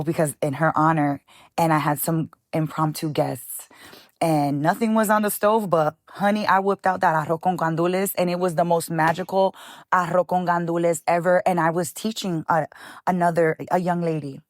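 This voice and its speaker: This woman speaks in a lower register and tells heartfelt family stories with lively feeling, calling the listener "honey" and dropping in Spanish phrases. Her voice sounds close and dry, with no room echo. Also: moderate pace. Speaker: guest, chef and cookbook founder. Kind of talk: emotional personal storytelling.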